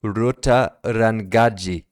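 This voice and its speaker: A man's voice: on the low side, takes it slowly. A man voicing a proud, stern male head of a palace guard who speaks formally and stiffly. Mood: imperious.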